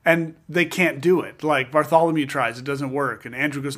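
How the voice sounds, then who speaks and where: Here is a man with a slightly raised voice telling a scripture story in casual, animated fashion. He tosses in quick jokes and asides as he talks it through. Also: on the high side. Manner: animated storyteller who acts out quotes with jokes.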